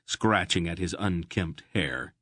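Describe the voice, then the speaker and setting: Slow deep-voiced male audiobook narrator. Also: expressive, pushed and bright, dry recording, studio quality. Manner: reads all characters with slight voice shifts. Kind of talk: scripted narration.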